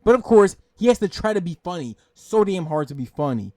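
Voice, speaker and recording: A man's voice: high-pitched, sing-song, a little fast, mellow, no room sound, studio quality. A man hosting a reaction video, ranting in exasperation, swearing and repeating himself. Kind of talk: angry rant commentary.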